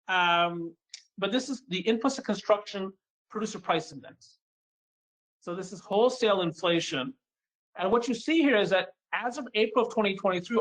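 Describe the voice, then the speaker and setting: Brisk, emphatic man presenting an economic keynote. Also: high-pitched, rough recording. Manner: lively and emphatic, acts out audience questions in a mock voice. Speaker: economist giving a keynote forecast. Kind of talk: conference presentation walking through charts.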